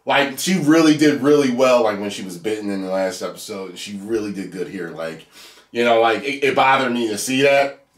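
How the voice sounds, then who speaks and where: A man giving a casual video review of a TV episode, animated, laughing often and breaking into loud whoops. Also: on the low side, brisk. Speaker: TV show reviewer. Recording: echoey room.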